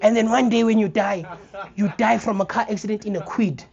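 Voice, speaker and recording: Performing stand-up in a comedy theater, a young man speaks with a South African accent, animating his stories by acting out scenes. He talks a little fast in a high-pitched voice with vocal fry, captured in lo-fi sound.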